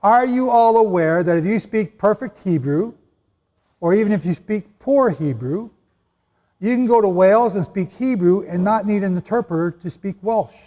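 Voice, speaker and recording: Male preacher, high pitch, animated conversational sermon, long hall reverb. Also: moderate pace. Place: hall with a live audience.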